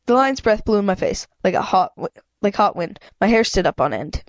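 A woman's voice: animated, fairly quick, no echo, muffled recording. A woman reading a children's chapter book aloud, often stumbling and restarting lines and stopping to apologize. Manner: reads with frequent stumbles and restarts, voicing characters with raised pitch; apologizes and comments between passages. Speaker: amateur reader.

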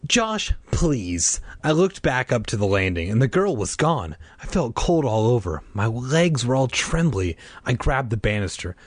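A man reading a children's horror book aloud, expressive, with casual asides. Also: mid-range voice, normal speed, hardly any pauses, husky, no echo. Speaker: reader.

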